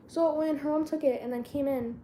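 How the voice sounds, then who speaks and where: A woman's voice: high voice, steady tone, brisk, warm tone, a little hiss or hum. A teenage girl vlogging in a casual chat, rambling and slangy and often losing her train of thought.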